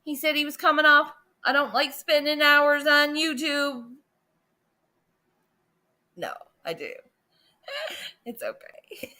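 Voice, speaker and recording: A woman with a high, bright voice chatting on her livestream. She talks slowly and unhurriedly, but gets excitable, bursting into loud exclamations and then dropping to a mutter. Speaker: livestream host. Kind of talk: casual livestream chat.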